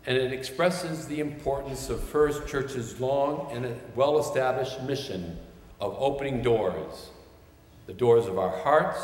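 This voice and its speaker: Guy preaching a sermon, steady voice that builds up to big shouted lines, lots of echo from a big church hall. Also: mid-range voice. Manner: measured, building to shouted refrains. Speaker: pastor. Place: large church sanctuary. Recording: roomy church with long reverb.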